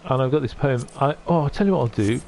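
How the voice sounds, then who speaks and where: A middle-aged man chatting on a livestream, soft-spoken and halting, often moved. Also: mid-range voice, creaky, slight background noise. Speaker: streamer. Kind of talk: casual livestream chat.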